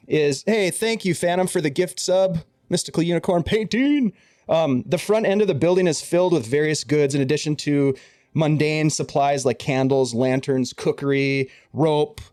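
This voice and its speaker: A man's voice: fairly high pitch, darkish tone, no room sound, clean studio sound. A man narrating a tabletop game as game master, rambling through restarts. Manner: rambling, many restarts and fillers.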